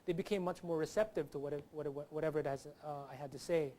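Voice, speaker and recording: Man, comedian guest, lively stand-up delivery. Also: fairly high pitch, quick pace. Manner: lively, does accent impressions. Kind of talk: stand-up comedy bit on a talk show.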